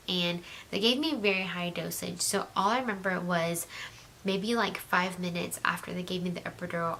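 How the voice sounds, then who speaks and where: A young woman telling a personal story in a chatty vlog style, full of "like" fillers and slipping into a soft whisper. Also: on the low side, a little hiss or hum. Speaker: vlogger.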